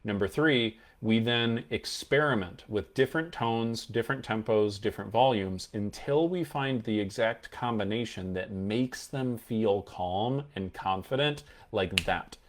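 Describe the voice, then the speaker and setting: An earnest male mental health coach teaches in a fairly low voice. He leans hard on his key points and now and then shows a tone of voice to make them clear. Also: a little slow, hardly any pauses. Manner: earnest, emphatic, demonstrates tones of voice while teaching. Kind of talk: explanatory coaching talk to camera.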